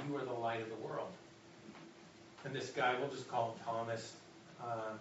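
Halting man preaching in a roomy church. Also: medium pitch, slight background noise. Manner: halting with many restarts, rising to urgent exhortation. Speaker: pastor. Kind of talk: sermon with story and closing prayer. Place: church sanctuary. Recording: roomy distant church PA recording, dull.

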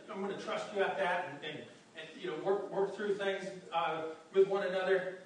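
A man's voice: sits high, a bit bright. Preacher man in a very echoey hall. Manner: earnest, repeats words and restarts often. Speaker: pastor. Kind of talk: sermon. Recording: very echoey room, voice from a distance, faint background noise.

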